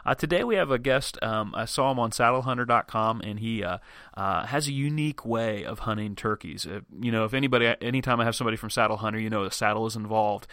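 A man's voice: lowish voice, fast, a bit bright, clear, resonant tone, no room sound, studio quality. A man hosting a podcast, telling a personal story in a chatty way and acting out his own thoughts as he goes. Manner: chatty, acts out his own thoughts in quotes, frequent restarts. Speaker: podcast host. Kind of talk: casual storytelling and show intro. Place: home or office.

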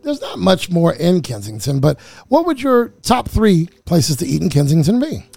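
Gravelly, husky man co-hosting a chat show. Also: a little high, sing-song, moderate pace, darkish tone, no room sound. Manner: chatty, emphatic, repeats himself for effect. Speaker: co-host. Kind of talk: casual radio show chat.

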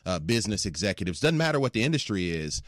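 Deep-voiced man speaking calmly as a guest. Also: dry recording, clean studio sound. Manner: calm, measured, preacherly phrasing. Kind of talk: radio talk show interview.

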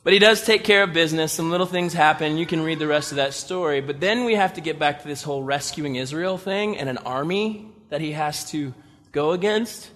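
A man preaching a sermon, animated and humorous, with incredulous asides. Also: a little high, fairly quick. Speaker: pastor. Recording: long reverb of a large hall.

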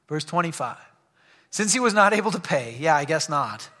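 In a church sermon, a male pastor alternates between scripture readings and casual, humorous remarks to the congregation. His fairly high voice is sing-song and sharp in tone at normal speed, echoing with long hall reverb.

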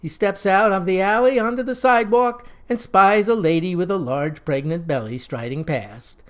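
A narrator reading a slapstick comic story aloud in an even storytelling delivery. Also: mid-range voice, normal speed, few pauses.

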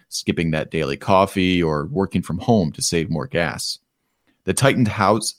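A low-voiced podcast host from Metro Detroit, USA, offers casual, opinionated commentary on economic news during a segment, saying "um" frequently. The recording is dry and studio quality.

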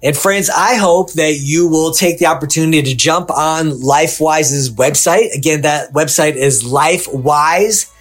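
A male podcast host and pastor who speaks earnestly and haltingly, full of ums and restarts. His voice sits a little high for a man, with faint music playing underneath. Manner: warm, earnest, halting with fillers. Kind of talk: podcast interview sign-off.

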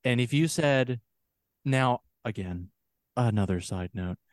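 A man's voice: medium pitch, slow, no room sound. Rambling male podcast co-host, dry sound. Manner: rambling, laughs often, trails off. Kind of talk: casual chat.

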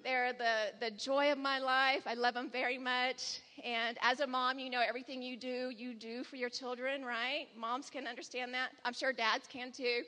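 A woman's voice: high-pitched, level tone, normal speed, few pauses, sharp tone. Woman telling her story in a reverberant hall. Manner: candid storytelling, quotes her son in dialogue. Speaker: church speaker. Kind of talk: personal testimony sermon.

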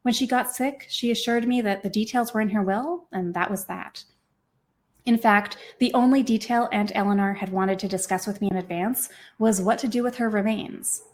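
A woman author and podcast host reading her own novel aloud with expressive, lively storytelling. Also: mid-range voice, moderate pace.

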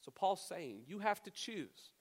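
A man's voice: sits high, sing-song, a little slow. A man pastor preaching a sermon, stretching and stressing key words with emphatic delivery. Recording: long reverb of a church hall.

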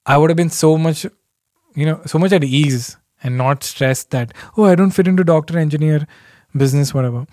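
Chatty man, fairly high voice. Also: a little mellow, no echo, studio quality. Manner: rambling, self-deprecating, chuckles often. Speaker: podcast host. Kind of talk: casual solo podcast chat.

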